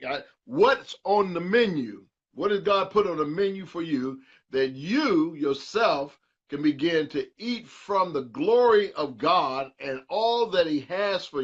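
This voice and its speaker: A man's voice: a little high, husky. A middle-aged man preaching a sermon as a pastor during a live online Bible study. He repeats words, restarts his sentences and keeps asking his listeners whether they hear him. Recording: dull lo-fi sound with faint music.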